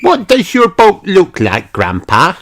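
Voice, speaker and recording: A reader voicing a bossy, cheerful little girl pig in a storybook, in a high, chirpy and insistent manner. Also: wildly swooping pitch, takes it slowly, fairly bright tone, a little hiss or hum, full character voice.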